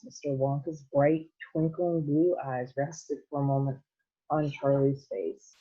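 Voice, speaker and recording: A woman teacher reading a children's novel aloud at a careful, measured pace, heard over a tinny phone-like line. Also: sits low, steady tone, dark tone, slightly rough.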